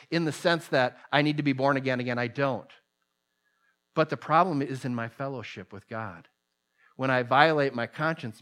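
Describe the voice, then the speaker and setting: Man preaching with swelling, emphatic delivery. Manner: swings between loud emphatic peaks and soft low asides. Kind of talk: sermon.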